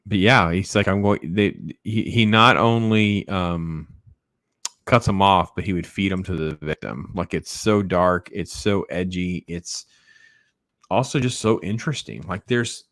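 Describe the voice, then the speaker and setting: Low-voiced enthusiastic man chatting. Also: a little slow, a bit bright, no room sound, studio quality. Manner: enthusiastic, rambling, lots of fillers. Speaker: comic book collector. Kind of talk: casual video chat.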